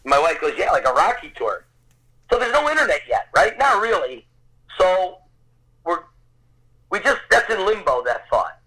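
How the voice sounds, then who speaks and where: A man's voice: high-pitched, very animated, normal speed, long pauses, pushed and bright, low-quality recording. A man in his fifties, a podcast guest telling a vivid personal story, swearing casually as he goes. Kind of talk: animated anecdote telling.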